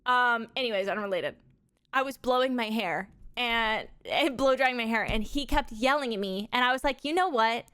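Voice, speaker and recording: A young adult woman livestreaming, chatting casually with viewers in animated stories full of swearing and laughter. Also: fairly high pitch, moderate pace, smooth, no room sound, studio quality.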